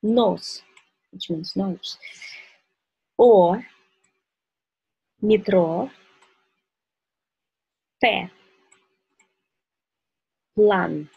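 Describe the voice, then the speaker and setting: A Russian-accented woman teaching the alphabet slowly and patiently, sounding out each letter and repeating the example words. Her voice is husky with a gravelly edge. It is recorded close in a dry, small room. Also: medium pitch, a little mellow, no echo, dull audio. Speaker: language teacher. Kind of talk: alphabet lesson with spoken examples.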